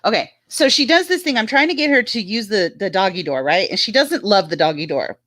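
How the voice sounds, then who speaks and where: A woman's voice: medium pitch, very animated, brisk, fairly bright tone, no echo. A woman chatting casually on a live stream, laughing often and telling stories about her dog.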